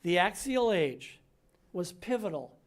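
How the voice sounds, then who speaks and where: An older woman minister delivering a sermon, measured and emphatic, slowing down on key words. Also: fairly low pitch, big pitch swings.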